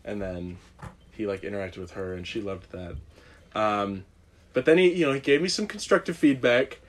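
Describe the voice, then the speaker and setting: A man's voice: lowish voice, moderate pace. A young man casually telling a rambling, self-deprecating story on a podcast, often laughing. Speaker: guest.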